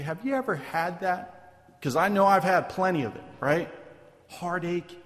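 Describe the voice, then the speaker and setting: A man's voice: high voice, unhurried. A man preaching a sermon in a casual, conversational way, often checking in with "right?" and "man". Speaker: pastor. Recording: long hall reverb.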